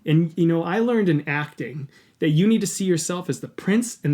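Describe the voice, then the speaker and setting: A podcast host, earnest and with a slightly higher voice, shares a personal story. His talk is open and casual, brisk yet mellow, with the occasional swear word.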